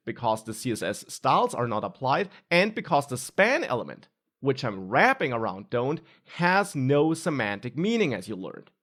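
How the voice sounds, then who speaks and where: A male coding instructor walks through a web tutorial at a mid pitch. His intonation swings widely as he stresses key words. He explains patiently, step by step. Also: a bit bright. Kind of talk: screen-recorded coding tutorial.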